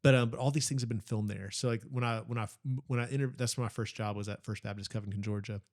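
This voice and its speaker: A man with a somewhat low voice talks loosely in an interview. He is a pastor who rambles through stories, restarting sentences and leaning on fillers. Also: steady tone, quick pace, a little mellow. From Nebraska, Texas, Kentucky. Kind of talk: casual interview chat.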